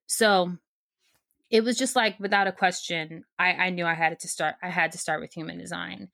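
A woman's voice: lowish voice, steady tone, normal speed, creaky, fairly bright tone, dry recording, clean studio sound. A woman guest coach in a casual podcast interview, talking with energy and emphasis, frank and unfiltered, with the odd casual swear.

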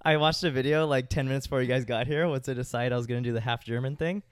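A young man in an easygoing co-host role, speaking at a middle pitch. He is relaxed and jokes along with the others. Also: fast, clear, resonant tone, no room sound. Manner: laid-back, jokey. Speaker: podcast co-host. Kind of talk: casual chat.

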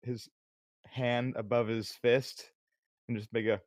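A man at a tabletop game describes what his character does in a wry, deliberate way. The recording is dry and close, with no room sound. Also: mid-range voice, little pitch movement, no echo. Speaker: player. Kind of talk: casual tabletop role-play.

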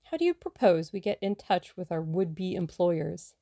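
A woman's voice: lowish voice, sing-song, normal speed, mellow, no echo. A woman voicing a cheerful, dry-witted young man who teases his friend.

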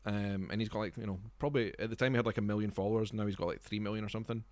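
A man co-hosts a casual podcast. He rattles through his stories at a rapid clip, and the recording is dry and close, with no room sound. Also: fairly low pitch, fairly even intonation, a little mellow, dry recording. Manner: quick, chatty storytelling. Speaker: podcast co-host. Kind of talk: casual chat.

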